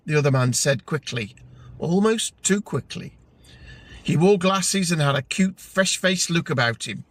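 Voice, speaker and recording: A man reads a comic ghost story aloud with a dry storytelling touch. His voice sits a bit high for a man. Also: animated, measured pace. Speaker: narrator.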